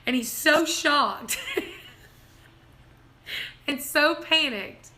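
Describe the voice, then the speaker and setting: Woman telling family stories on a livestream, keeps giggling, bright higher voice. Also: lively intonation, drawn-out words. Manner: giggly, laughs through her own stories. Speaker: livestream host. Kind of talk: casual storytelling livestream.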